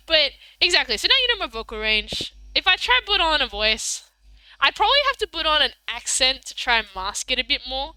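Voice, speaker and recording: An Australian woman streamer chatting casually on stream, talking fast and laughing often. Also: sits high, very animated, bright, forceful tone, no room sound. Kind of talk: casual livestream chat.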